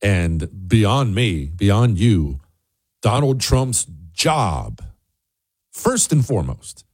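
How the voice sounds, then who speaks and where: A man's voice: mid-range voice, husky, no echo. Host type: middle-aged man, emphatic opinion monologue, dry close sound. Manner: emphatic, animated, repeats for effect. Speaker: political commentary host.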